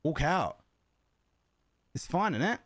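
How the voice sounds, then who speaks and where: Lively joking man. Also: on the high side, slow, no echo. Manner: joking, rambling, laughs often. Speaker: reaction video host. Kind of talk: casual reaction commentary.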